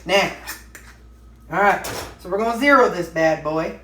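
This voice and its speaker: A woman's voice: lowish voice, animated, measured pace, fairly bright tone, a little hiss or hum. A woman vlogging casually from her home kitchen, rambling along with plenty of fillers and restarts. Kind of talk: casual chatty diet vlog. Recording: echoey kitchen with dish clatter.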